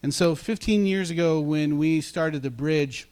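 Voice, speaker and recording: A man's voice: on the high side, measured pace, a little mellow, smooth. A man preaching a casual sermon as pastor, chatty and self-deprecating, bantering with his congregation.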